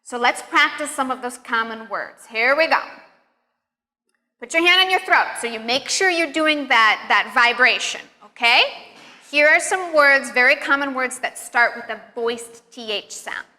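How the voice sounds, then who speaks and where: Bright high-voiced woman teaching pronunciation. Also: expressive. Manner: slow, exaggerated drills with clear encouragement. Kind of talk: pronunciation lesson. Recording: long hall reverb.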